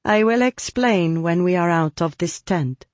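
A man voicing a prim, learned young woman who speaks in a formal, measured way in a storybook. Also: high voice, dry recording. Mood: composed.

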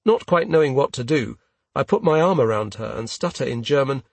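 A man reading a first-person story aloud in a measured, steady way. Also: mid-range voice, vocal fry, slightly rough, no room sound. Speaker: audiobook narrator. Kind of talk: scripted first-person narration.

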